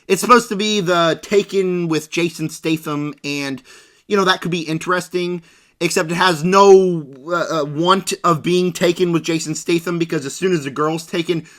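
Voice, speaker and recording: A man's voice: a little high, steady tone, normal speed, a bit bright. A man ranting through a casual movie review with a sarcastic, exaggerated delivery.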